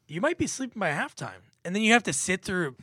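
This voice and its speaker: A man's voice: high voice, sing-song, fast talker, sharp tone, husky, no room sound, studio quality. A man arguing his side in a casual podcast debate, joking and building scenarios. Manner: jokey, builds scenarios to argue his case. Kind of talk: casual argumentative banter.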